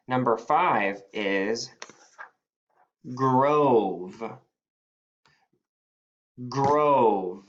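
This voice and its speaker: Male teacher sounding out words super slow, lots of ups and downs in his voice. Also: mid-range voice, very animated, fairly bright tone, muffled recording. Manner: slow, deliberate, stretches out word sounds. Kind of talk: phonics spelling lesson.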